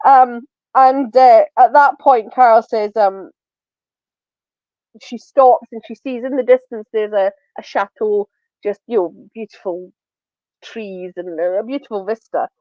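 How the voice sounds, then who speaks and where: A woman co-hosts a podcast, retelling a TV episode in a chatty way, full of ums and acted-out lines. Her voice sits fairly high. The sound is dry, close and slightly muffled. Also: unhurried, no room sound. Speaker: podcast co-host. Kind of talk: casual chat recapping a TV episode.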